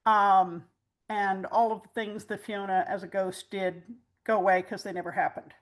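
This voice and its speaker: A woman's voice: mid-range voice, level tone, moderate pace. A woman hosting a casual fan chat, explaining plot details at length. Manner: recaps plots at length, explanatory. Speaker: host.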